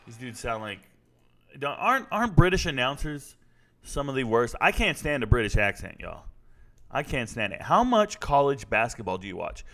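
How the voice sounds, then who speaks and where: A man's voice: medium pitch, big pitch swings, normal speed, a bit bright. A middle-aged man giving blunt, casual live-stream commentary on a fight and chatting with his viewers. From United States.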